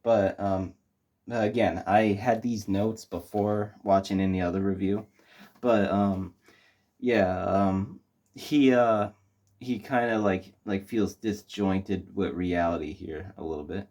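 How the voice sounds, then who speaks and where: A man's voice: low voice, slow, a little mellow. A young man reviewing a movie in casual chat, rambling with lots of fillers and restarts.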